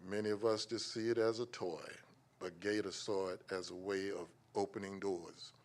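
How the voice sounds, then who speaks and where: An older man leads a prayer at a public meeting, his voice sitting on the low side. He speaks in a rhythmic, preacherly cadence and lifts his emphasis on key words. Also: steady tone, moderate pace. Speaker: invocation speaker at county meeting. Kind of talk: spoken invocation and prayer. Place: county commission meeting chamber.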